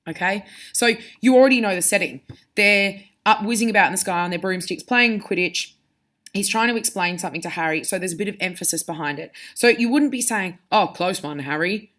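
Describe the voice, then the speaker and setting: A woman's voice: mid-range voice, a little fast, fairly bright tone. A woman teacher giving a reading lesson to pupils, explaining patiently and demonstrating with her own voice. Her delivery is conversational, with the odd restart as she looks for examples.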